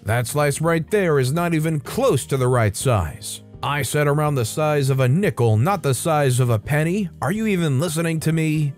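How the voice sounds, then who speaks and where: A sharp, condescending middle-aged woman boss who scolds and nitpicks at every turn, as a male storyteller puts her on. Her voice lifts a little above his own as she talks down. Soft music plays faintly underneath the storytime reading. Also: a little high, lively intonation, moderate pace, few pauses, close to an everyday voice. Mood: nitpicking.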